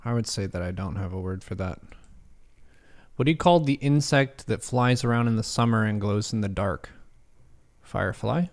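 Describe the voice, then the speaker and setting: A man's voice: lowish voice, moderate pace, long pauses. A man streaming live, reading quiz questions aloud and musing over each answer in a casual way. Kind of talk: casual livestream commentary.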